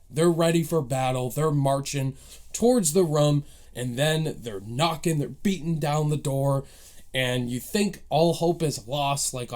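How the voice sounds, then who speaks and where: A man's voice: on the high side, darkish tone. A man giving a casual spoken review of a TV episode, recapping plot beats with eager, emotional enthusiasm. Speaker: movie reviewer.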